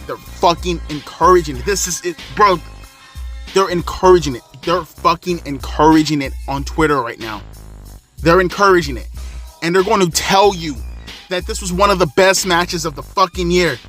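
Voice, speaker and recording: A man in his thirties rants from inside his car in a high, piercing voice, swearing nonstop and circling back over the same complaints with mounting exasperation. Faint music hums underneath. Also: moderate pace, fairly bright tone. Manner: exasperated, repetitive, swearing constantly. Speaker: wrestling show reviewer. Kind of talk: angry profane rant.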